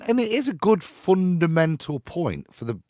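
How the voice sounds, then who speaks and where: A man's voice: a little high, sing-song, normal speed, a little mellow, no echo, studio quality. A man speaking as a guest on a live-stream panel, emphatic and preachy, often ending his points with a tag question.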